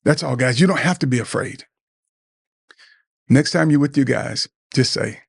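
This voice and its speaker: A man's voice: medium pitch, moderate pace, gravelly, slightly rough, dry recording, clean studio sound. A middle-aged man hosting a show, giving an earnest motivational talk to other men, repeating words and acting out what friends might say. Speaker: podcast host.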